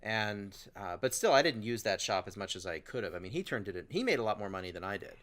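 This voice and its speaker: A man's voice: fairly low pitch, fast. A man hosting a podcast, telling a long personal story in casual conversation and briefly acting out the people in it. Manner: animated, acts out quoted people in his stories. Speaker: podcast host.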